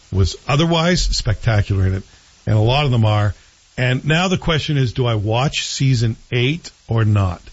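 A man's voice: medium pitch, muffled recording. A man hosting a show, chatting casually and with strong opinions about a TV series he is watching. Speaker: show host. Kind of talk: casual TV review chat.

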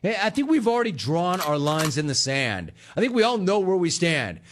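A man's voice: sits high, sing-song, normal speed, slight background noise. A man hosting a sports talk radio show, ranting and telling stories with sarcasm, mimicking callers and his own family.

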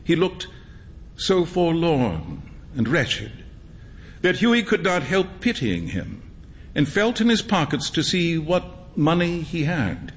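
A man narrating a storybook reading in an expressive, measured storytelling manner. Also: on the high side, slight background noise. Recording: long hall reverb.

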